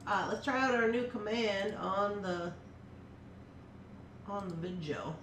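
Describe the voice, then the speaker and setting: Slow-talking woman in an echoey room. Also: mid-range voice, far from the mic. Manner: talks to herself while working, muttering and laughing. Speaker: livestream host. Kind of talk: casual morning livestream chat. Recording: roomy echo, faint background hum.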